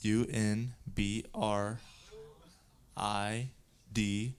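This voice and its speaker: Congregation member, male, low, unhurried, clean voice. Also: flat delivery. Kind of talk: spelling a word aloud.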